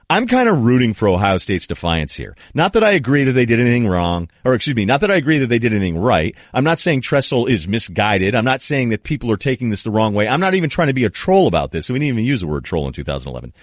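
A man's voice: mid-range voice, fast, no room sound. Middle-aged guy ranting on a sports talk show, dry close sound, keeps jumping up into voices. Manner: animated, acts out quoted people in raised voices. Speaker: sports talk radio host. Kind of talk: animated sports talk monologue.

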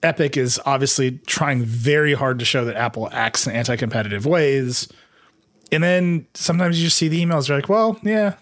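A man hosting a tech news podcast, talking fast in casual chat, laughing often and restarting his sentences. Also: medium pitch, a bit bright. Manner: fast, laughing, thinks aloud with many restarts. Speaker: podcast host.

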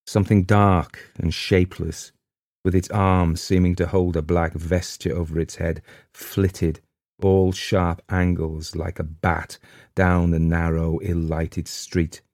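Deep-voiced guy narrating a spooky story, steady pace, dry booth sound. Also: no room sound. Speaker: audiobook narrator. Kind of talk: scripted narration.

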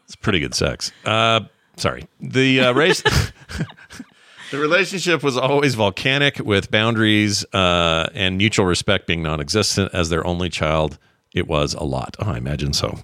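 A man's voice: lowish voice, moderate pace, dry recording, clean studio sound. A middle-aged man co-hosting a podcast in casual chat, joking and telling rambling stories. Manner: jokey, rambling, animated storytelling. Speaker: podcast co-host.

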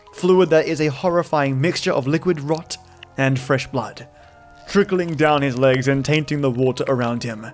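A man narrating a first-person horror story from a script, measured and tense. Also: medium pitch.

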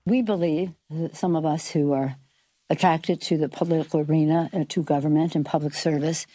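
Woman politician speaking in measured tones. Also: low voice, fairly even intonation, mellow, no echo. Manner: measured, deliberate, halting with fillers. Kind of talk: formal public statement.

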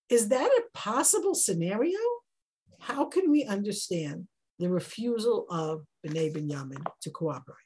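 Husky woman teaching a text study. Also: medium pitch, normal speed, poor audio. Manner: animated, emphatic, rising on rhetorical questions. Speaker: Torah teacher.

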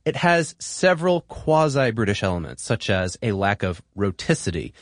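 Lively American man hosting an explainer. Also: fairly low pitch, moderate pace, no echo, studio quality. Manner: lively, expressive delivery. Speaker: podcast host. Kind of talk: scripted explainer narration.

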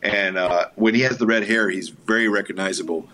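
Low-pitched male filmmaker guest, easygoing and enthusiastic anecdotes, faint hiss underneath. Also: brisk, bright, forceful tone. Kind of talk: casual storytelling interview.

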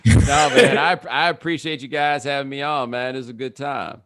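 A man's voice: mid-range voice, moderate pace, fairly bright tone, dry recording. A man talking casually as a podcast guest, telling stories and laughing often. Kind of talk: casual chat.

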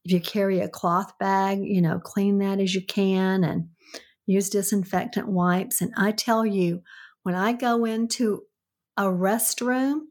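Steady and unhurried, this Southern-accented older woman has a medium-pitched, darkish voice. She is the host's mother, co-hosting his podcast in a casual chat full of household tips.

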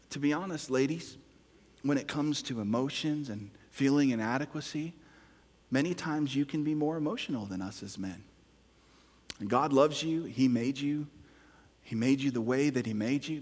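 A man's voice: on the high side, slightly rough. Man preaching in a reverberant hall. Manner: emphatic preaching, shifting between quiet whispers and loud exclamations. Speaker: pastor. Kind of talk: sermon. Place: large church hall.

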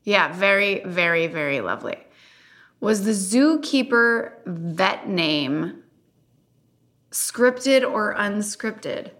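A woman's voice: medium pitch, lively intonation, takes it slowly, fairly bright tone. A woman co-hosting a casual rewatch podcast, chatty and giggly as she reads out fan questions. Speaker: podcast co-host.

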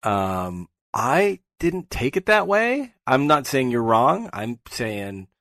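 A man co-hosting a podcast in casual chat, animated and playful in his back-and-forth. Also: mid-range voice, slow, dry recording, clean studio sound. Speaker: podcast co-host.

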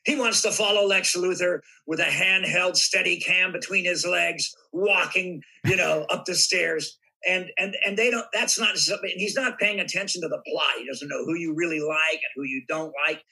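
A man in casual interview chat, spinning lively anecdotes and slipping into voices to act them out. His voice is very bright and forward, with a husky edge, pitched a little above most men. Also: moderate pace, hardly any pauses, poor audio. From United States. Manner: animated raconteur, acts out voices in anecdotes. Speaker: guest actor.

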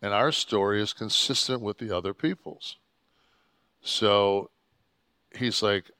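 A man's voice: fairly low pitch, slow pace, pauses often, bright, forceful tone, clear, resonant tone, no room sound, studio quality. Profane man telling a heated story. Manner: profane, heated, rambling with restarts. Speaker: podcast co-host telling a wrestling story. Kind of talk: casual storytelling chat.

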